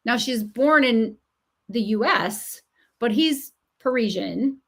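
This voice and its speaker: A middle-aged woman with a somewhat high voice talks as a podcast guest. She tells her stories with animation and is quick to laugh. She coaches the listener with emphatic encouragement. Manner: animated storyteller who acts out quoted voices and laughs often. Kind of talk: conversational podcast interview.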